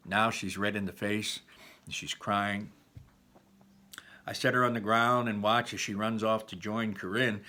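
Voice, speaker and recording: A man, a teacher, reading a first-person novel aloud with expressive storytelling. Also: on the low side.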